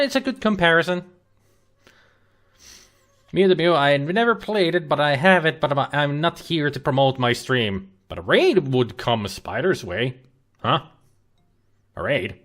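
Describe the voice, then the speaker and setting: With a fairly high pitch and lively intonation, a man streams himself playing an adventure game from a webcam and laptop setup. At a moderate pace he chats and rambles, constantly using fillers and restarting sentences.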